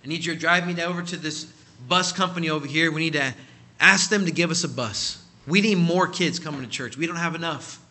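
A man voicing a frail, faithful elderly mother who speaks tenderly and pleads softly. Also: deep voice, fairly quick. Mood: determined.

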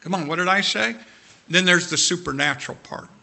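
A man's voice: high voice, brisk, creaky, pushed and bright. A man preaching a sermon, fervent and repetitive, calling out to his congregation. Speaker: pastor.

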